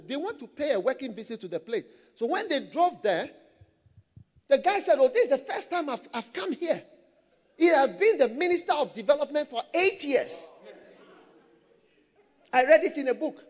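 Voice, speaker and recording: A man preaching a sermon, telling stories with bursts of shouting and laughter. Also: extremely high pitch. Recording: long hall reverb.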